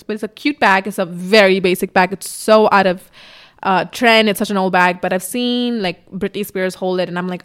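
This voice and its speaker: A woman's voice: mid-range voice, a little fast. A young woman hosting a casual podcast, telling her own story in a candid, chatty way, swearing freely and mimicking herself in quotes. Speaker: podcast host. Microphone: camera on a tripod in front of her.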